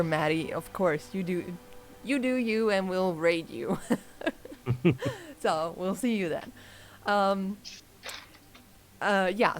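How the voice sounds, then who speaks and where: Slow, giggly woman game master. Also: fairly low pitch. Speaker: game master and stream host. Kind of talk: casual tabletop game narration.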